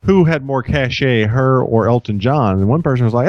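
A man from the Houston area co-hosts a casual comedy chat, reading odd news items with a joking build-up. His voice is mid-pitched and sounds dry and close. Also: fairly quick, a little mellow, no echo, dull audio. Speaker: podcast co-host.

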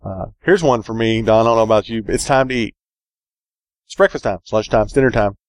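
A man's voice: fairly low pitch, quick pace, no room sound. A man co-hosting a podcast, chatting casually and joking, with a lot of fillers. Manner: relaxed, joking, rambling with fillers. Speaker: podcast co-host.

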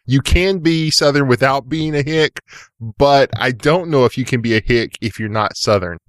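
Man, podcast co-host, wry, casual chat, middle pitch, dry close mic. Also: moderate pace, dry recording.

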